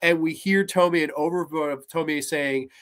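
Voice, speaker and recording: A man's voice: fairly high pitch, normal speed, a bit bright. Enthusiastic, profane man reviewing horror films. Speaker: horror podcast host. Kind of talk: casual film review.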